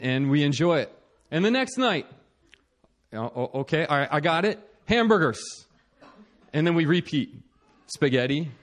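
Young guy, bit high voice, telling a funny marriage story, laughs at himself, lots of restarts. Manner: animated, self-mocking, many restarts and laughs. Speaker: speaker sharing a marriage story. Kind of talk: personal storytelling talk.

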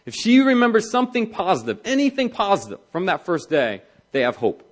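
A man's voice: high-pitched, huge pitch swings, fairly quick. A man preaching a sermon as a pastor, talking in a conversational way and acting out the voices he quotes. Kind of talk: sermon on marriage.

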